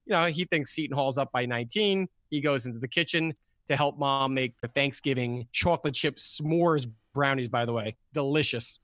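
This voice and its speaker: A man co-hosting a sports podcast, telling animated stories and stumbling over repeated words. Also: medium pitch, no echo. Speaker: podcast co-host. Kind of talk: casual sports podcast chat.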